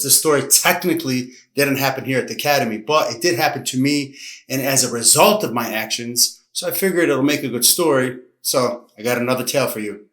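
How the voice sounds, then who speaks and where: Coach recounting a personal tale, mid-pitch man, animated, roomy echo. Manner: lively, dramatic retelling with acted-out quotes. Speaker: martial arts coach. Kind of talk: casual storytelling to camera. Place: martial arts academy room. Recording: echoey room, faint music behind.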